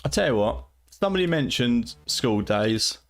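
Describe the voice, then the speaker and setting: Middle-aged Fenland English man, gravelly, mid-pitched, loose rambling streamer who swears freely. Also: expressive, normal speed, faint music behind. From Fenland, England. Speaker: retro game streamer. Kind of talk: late-night live stream chat.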